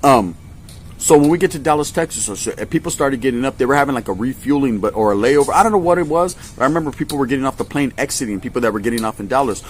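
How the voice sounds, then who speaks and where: A man's voice: medium pitch, fast talker. A man tells a story from his past in casual slang, swearing often and acting out other people's voices. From California. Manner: animated, acts out voices, swears a lot.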